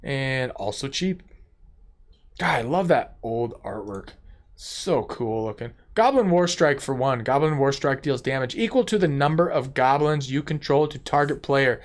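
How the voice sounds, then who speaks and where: A man giving casual card-by-card commentary on a card game deck, excitable and gushing with exclamations. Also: fairly high pitch.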